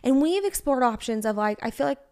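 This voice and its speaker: Chatty higher-voiced woman in her thirties. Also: expressive, brisk, warm tone, clear, resonant tone. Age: 30s. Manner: chatty, heavy use of "like", candid and personal. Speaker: podcast co-host. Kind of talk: casual podcast chat.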